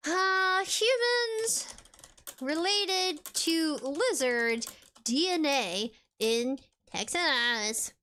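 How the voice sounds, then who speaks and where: A woman's voice: high voice, lively intonation, extremely slow, sharp tone. A woman streamer chatting casually with viewers, reading out chat and game text in a playful, rambling way. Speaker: VTuber streamer.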